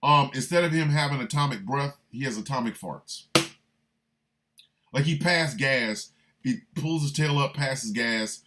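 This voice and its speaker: A man hosting a livestreamed radio talk show, riffing in a loose comic way and shouting out listeners by city. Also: medium pitch, a little slow, noisy background. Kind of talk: livestreamed political comedy talk.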